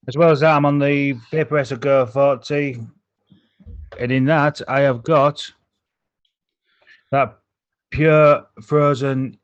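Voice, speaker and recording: A loud man laughing and swearing in a casual online group chat. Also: mid-range voice, no room sound. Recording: dry, dull lo-fi call audio.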